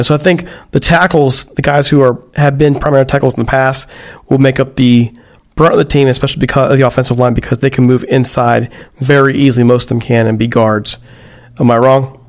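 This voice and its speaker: A man hosting a sports podcast, talking briskly and hurrying along. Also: mid-range voice. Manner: brisk, hurried. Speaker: podcast host. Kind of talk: sports podcast talk and ad read.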